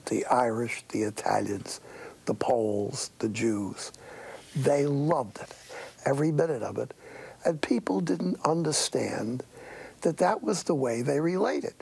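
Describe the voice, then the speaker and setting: A man's voice: mid-range voice, vocal fry, a little mellow, breathy edge. An older man, a monastic priest, giving a wry, anecdotal talk with half-whispered asides. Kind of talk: storytelling talk.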